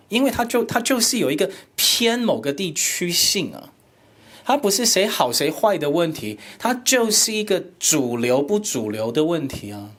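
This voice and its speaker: This is a man with a slightly raised voice, running a teachers' workshop. He explains with animation and switches between Mandarin and English. His speech comes across cleanly and clearly. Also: on the high side, sing-song, normal speed, a bit bright. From Taiwan. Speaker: workshop presenter. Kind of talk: bilingual lecture and discussion.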